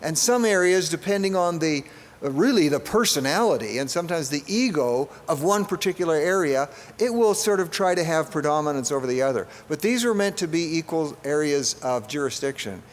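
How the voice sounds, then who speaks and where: Older man, conference speaker, fairly high voice, folksy asides, hall echo. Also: lively intonation, a little fast. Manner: folksy, joking asides with frequent fillers. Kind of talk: conference speech. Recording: long hall reverb.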